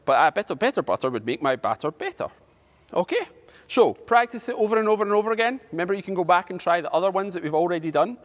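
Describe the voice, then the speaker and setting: A man teaching an online drama class, guiding warm-ups with energetic instructions and frequent checks of "okay?". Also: on the high side, in a large hall.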